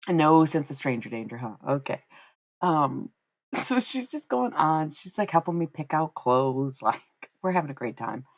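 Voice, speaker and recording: Low-voiced lady streamer rambling through a funny story, laughing and cussing, dry close mic. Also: moderate pace, gravelly, no room sound. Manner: animated, laughing, swearing, acts out quotes in high voices. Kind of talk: casual storytelling chat.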